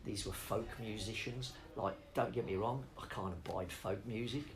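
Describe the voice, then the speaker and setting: A man's voice: lowish voice, normal speed, low-quality recording. A middle-aged man rambling off on tangents in a casual interview, swearing freely as he talks about spoken word.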